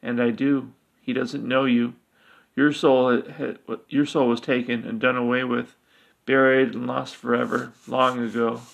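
Man voicing a desperate female elf, urgent, confiding, gravelly, flat. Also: mid-range voice, measured pace.

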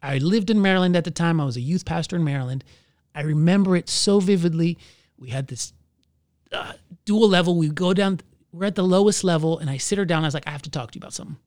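A man who is a pastor, telling his own story in an earnest, halting way and searching for his words. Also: fairly high pitch, darkish tone, no echo, studio quality. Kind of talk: candid personal testimony in conversation.

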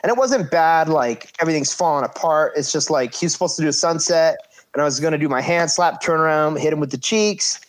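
A man's voice: fairly high pitch, brisk. A man in his thirties casually telling a story about his wrestling career, acting out quoted voices and swearing freely.

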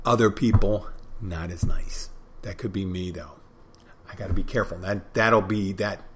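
A man's voice: low-pitched, steady tone, normal speed, background noise. A middle-aged man hosting a podcast, talking in a rambling, folksy solo monologue. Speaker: podcast host.

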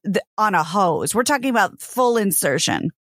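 A woman co-hosting a podcast in casual chat, chiming in with quick agreement and blunt jokes. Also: mid-range voice, lively intonation, a bit bright, no room sound, studio quality. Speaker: podcast co-host.

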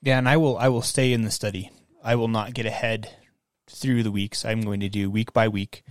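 A man's voice: lowish voice, fairly even intonation, moderate pace, dry recording. A man co-hosting a podcast, explaining things in an earnest, casual way. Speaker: podcast co-host.

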